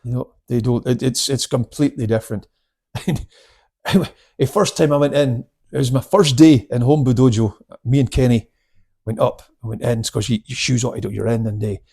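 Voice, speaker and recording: Gravelly Scottish man telling stories. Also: mid-range voice, fairly even intonation, normal speed, darkish tone. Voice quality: gravelly, husky. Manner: salty, swears freely, laughs often. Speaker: guest, karate instructor. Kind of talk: casual storytelling chat.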